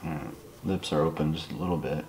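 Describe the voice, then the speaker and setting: A man quietly talking through a live portrait drawing in his apartment, soft-spoken with nervous asides. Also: rumbling low, quick pace, reverberant, slight background noise. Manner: soft-spoken, murmured, self-conscious asides. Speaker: artist demonstrating drawing. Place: apartment room, indoors.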